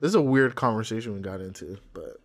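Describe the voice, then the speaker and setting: A man's voice: on the low side, expressive, quick pace. A young man co-hosting a casual chat about music videos, explaining things in a loose, profane, laughing way. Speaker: podcast co-host.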